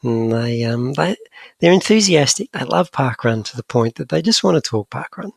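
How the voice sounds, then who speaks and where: A man with a gravelly, rough-edged voice co-hosts a podcast, his pitch bouncing up and down as he banters. His talk is casual, jokey and a little rambling. The sound is dry and close, with no room around it. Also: expressive, moderate pace, no echo. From Scotland. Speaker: podcast co-host. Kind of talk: casual chat.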